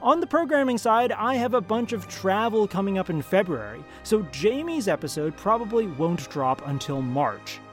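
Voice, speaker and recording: Lively male podcast host. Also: sits high, normal speed, hardly any pauses, soft background music. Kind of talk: scripted outro, then casual interview.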